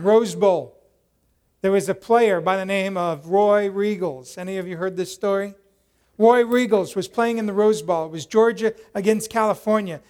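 High-voiced male pastor, animated sermon storyteller, shifts between acted-out shouts and hushed prayer. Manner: animated storyteller, acts out quoted voices loudly, drops to soft prayerful tone.

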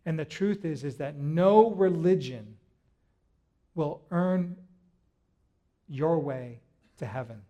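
A man preaching a sermon, retelling a story in a lively way and often stopping to restart his words. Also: fairly high pitch, slow pace, long pauses, dull audio. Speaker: pastor.

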